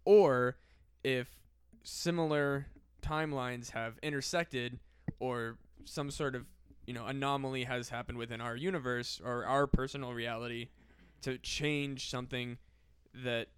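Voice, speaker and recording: Rambling, excitable man with a smooth voice. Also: medium pitch, a little slow, no room sound. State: voice cracking. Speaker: podcast guest. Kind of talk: casual chat.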